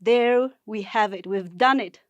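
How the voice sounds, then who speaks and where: A woman teacher from Nagaland, India, leading a gamified poetry lesson for school students in a slow, encouraging way. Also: mid-range voice, dry recording, dull audio. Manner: encouraging, speaks slowly and deliberately to learners.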